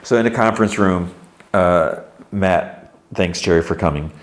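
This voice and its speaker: A man with a very low, deep voice hosts a podcast, walking through events in a relaxed, conversational way. He strings the story together with "he's like" and "she's like," keeping it informal and easygoing. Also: a little slow. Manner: retells scenes conversationally with many "he's like" quotes. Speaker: podcast host. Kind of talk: casual spoken recap.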